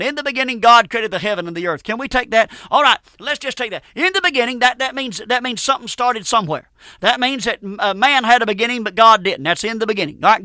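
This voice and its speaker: A male preacher delivering a fervent radio sermon, emphatic and rising to loud bursts, often restarting and repeating words. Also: sits high, no room sound, clean studio sound.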